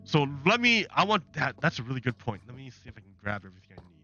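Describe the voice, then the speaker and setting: A man's voice: medium pitch, very animated, quick pace, lo-fi sound, over music. A man giving chatty, sarcastic commentary while playing a game, often restarting sentences. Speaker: gaming channel host.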